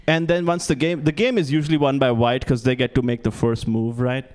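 A man's voice: medium pitch, little pitch movement, a little fast, a little mellow. A young man performing a stand-up comedy set on a club stage, self-deprecating and stumbling over restarts. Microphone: handheld stage mic.

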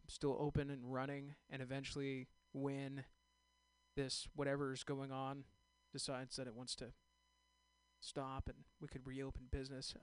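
A man's voice: mid-range voice, dry recording. A man hosting a live internet radio show, chatting casually and rambling with many fillers.

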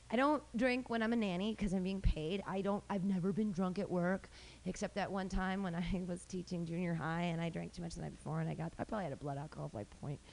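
Brash, rambling woman doing stand-up. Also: mid-range voice. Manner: rambling, brash, self-mocking, with frequent fillers and restarts. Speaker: comedy host and stand-up comic. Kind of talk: stand-up comedy set. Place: small room at a live comedy show.

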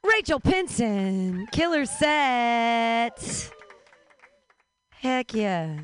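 A woman's voice: fairly high pitch, drawn-out words, slight background noise. A woman host closing the show with a playful stand-up bit. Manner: playful, building to excited shouts. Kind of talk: stand-up set.

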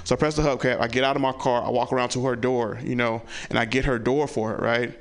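A man's voice: mid-range voice, fairly even intonation, fast. A man doing a stand-up comedy set on a club stage, telling stories and asking the crowd "right?" as he goes. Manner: storytelling with lots of "right?" asides; acts out family members loudly.

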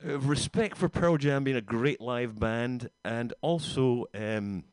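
A man hosting a radio show, chatting in a relaxed, wry way between songs. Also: medium pitch, unhurried, smooth, no room sound. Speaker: radio host, DJ. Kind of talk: casual radio chat. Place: radio studio.

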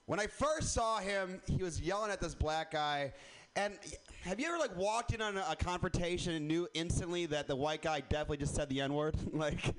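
A man doing a rambling, self-deprecating stand-up set at an open mic, laughing at his own jokes. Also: a little high. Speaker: stand-up comedian. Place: comedy club open mic. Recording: faint background noise.

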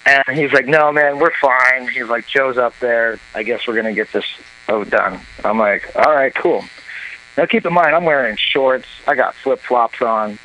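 A man telling a long comic story on a talk show, animated and profane, acting out what others said. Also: mid-range voice, normal speed, muffled recording. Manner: animated, profane, acts out quoted voices. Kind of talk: casual storytelling.

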